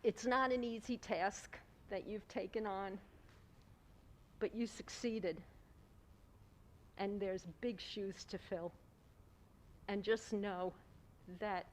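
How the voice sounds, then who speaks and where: Woman, councilwoman, slow pace, emotional tribute, frequent laughs. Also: mid-range voice, fairly even intonation, slight background noise. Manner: warm, personal, laughs often, close to tears. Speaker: town councilwoman. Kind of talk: heartfelt tribute speech. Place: school board meeting room.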